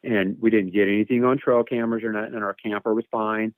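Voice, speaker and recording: Calling in on a dry, tinny phone line without any echo, a man recounts an encounter as a guest. His voice is fairly low with fairly even intonation and a quick pace, and his long, rambling personal story is full of repeated words and imitated animal calls.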